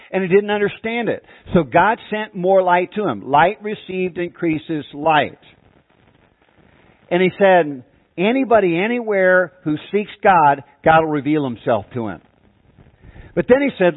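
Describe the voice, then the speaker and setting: A man preaching a sermon with a dramatic delivery, asking the congregation questions and slowing down for emphasis. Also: high-pitched, dry recording. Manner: dramatic, shouts out acted cries in an illustration. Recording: tinny phone-like dry sound.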